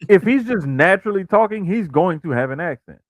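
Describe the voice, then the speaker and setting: A man co-hosting a wrestling podcast in relaxed casual talk, full of "like" and "bruh" and frequent restarts. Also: high-pitched, fairly quick, no echo. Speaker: podcast co-host.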